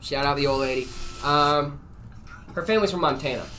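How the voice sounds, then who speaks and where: A man's voice: on the high side, brisk, faint music behind. A man hosting a live stream, casually answering viewer questions with lots of "uh" and "um" and easy jokes. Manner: relaxed, full of "uh" and "um" fillers, jokey.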